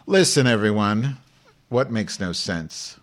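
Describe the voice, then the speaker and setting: A crude, abrasive Jewish woman host, played by a man, who rambles through a live webcast in profane rants. The voice sits fairly low for a man's. The tone stays irritable and unpolished, typical of improvised comedy. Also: expressive, slow pace. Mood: grumbling. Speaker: host of a live online show.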